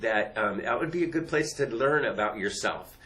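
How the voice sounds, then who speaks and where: A man's voice: medium pitch, animated, normal speed, bright, forceful tone, rough recording. A man hosting a talk on emotional skills, speaking in an earnest, repetitive way and laughing lightly between points. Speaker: host. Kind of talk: casual explanatory talk.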